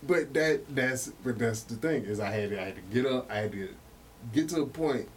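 A man hosting a podcast, telling stories in an animated, profane, casual way. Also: mid-range voice, normal speed, a little hiss or hum. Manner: animated and profane, with lots of fillers. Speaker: podcast host.

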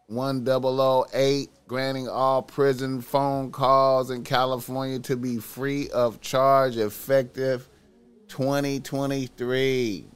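A man's voice: fairly high pitch, a bit bright, clean tone. A man streaming reaction commentary, profane and repetitive, stretching key words for emphasis.

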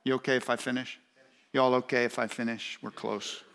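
A man's voice: mid-range voice, level tone, brisk, a bit bright. Preacher guy, emphatic, keeps hammering the same point, talks right to the crowd. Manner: emphatic, repetitive preaching with rising intensity; speaks directly to congregation, asides to audience. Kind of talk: sermon.

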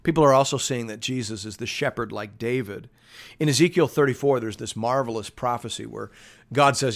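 A middle-aged man preaching a sermon, animated and rising to emphatic peaks. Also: medium pitch, normal speed. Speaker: pastor.

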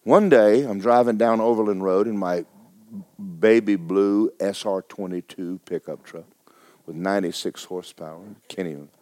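A middle-aged man preaching a sermon as pastor, telling a personal story with stammering restarts and sudden swings between hushed and loud. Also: lowish voice, moderate pace, no echo.

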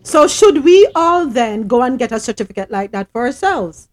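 Emphatic woman host, lively pitch. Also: moderate pace. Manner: emphatic, repetitive, indignant. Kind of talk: heated discussion.

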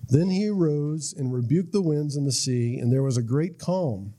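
A male pastor delivers a sermon in a relaxed, talky way. His voice sits a little high, and he keeps checking in with "right?" and restarting his words. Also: normal speed. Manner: conversational, repeats words, asks "right?" often.

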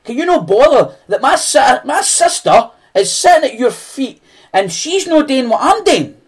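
A man's voice: very high voice, very animated, unhurried, husky, pitched above the performer's own voice, exaggerated voice. A man with a Scottish accent voicing an exasperated busy woman who complains shrilly and indignantly. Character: exasperated busy young woman, Martha, fed up.

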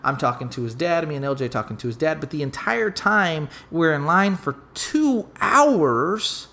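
A man co-hosting a podcast, telling a story in a loose, animated way, swearing freely and laughing often. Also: on the high side, moderate pace, gravelly. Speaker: podcast co-host. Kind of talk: casual storytelling chat.

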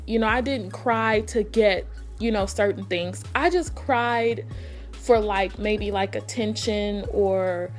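Earnest woman talking faith, music behind. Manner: earnest, acts out pleading prayers in a higher voice. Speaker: faith podcast host. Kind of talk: casual devotional talk.

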